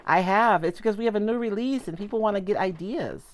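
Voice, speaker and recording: A woman's voice: medium pitch, fast. A middle-aged woman chatting casually through a live craft demo at her home table, rambling and cutting herself off. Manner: chatty, rambling, self-interrupting. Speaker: craft product demonstrator.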